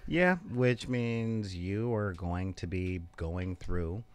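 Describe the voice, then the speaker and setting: Laid-back guy cohosting a chat show, kinda low voice, rambles and laughs. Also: takes it slowly, darkish tone, clean tone. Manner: chatty, laughs often, loose rambling delivery. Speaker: podcast co-host. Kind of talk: casual chat.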